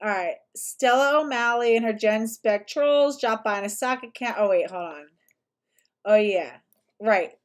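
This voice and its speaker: A woman's voice: a little high, measured pace. A young woman hosting a casual livestream, talking in a chatty, sarcastic way with lots of "like" fillers. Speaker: livestream host.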